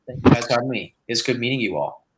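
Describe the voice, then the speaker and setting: A man's voice: medium pitch, fast, rough recording. A man from the United States, a guest modeller on a live stream, explaining his work casually with many fillers. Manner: relaxed, rambling explanations with fillers.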